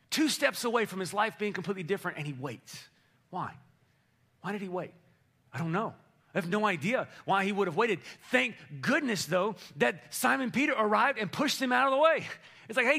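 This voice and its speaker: High-voiced pastor guy preaching, gravelly and bright, gets the crowd going. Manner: energetic, playful, rallies the congregation. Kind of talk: sermon. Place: church sanctuary.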